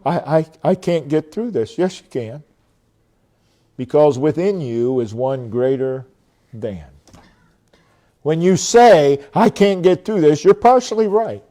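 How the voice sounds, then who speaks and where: Slow, mellow-voiced preacher. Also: male voice, medium pitch. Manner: emphatic, repeats key phrases, trails off softly at line ends. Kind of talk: sermon.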